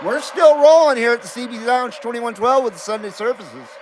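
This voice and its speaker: A man's voice: extremely high pitch, fairly quick, slight background noise. A middle-aged man hosting a live CB radio stream, chatting casually and joking easily with radio contacts.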